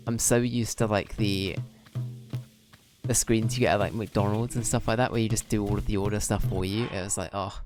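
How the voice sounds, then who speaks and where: A man's voice: on the low side, fairly even intonation, fairly quick, music in the background. A young Englishman chatting casually and rambling with self-mocking humour while streaming a game. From England.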